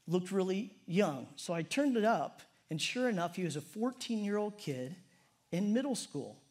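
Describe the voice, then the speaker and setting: A middle-aged man preaching a conversational, humorous sermon in a church. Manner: conversational and humorous, prayer drops soft and low. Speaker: pastor.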